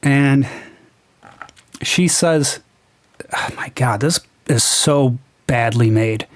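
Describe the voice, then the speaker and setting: A young man in a loose, ranting review, his voice sitting at an ordinary middle pitch. He sounds incredulous and sarcastic, scoffing at what he reads and swearing freely. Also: very slow, long pauses. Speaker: comic book reviewer. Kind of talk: casual ranting review commentary.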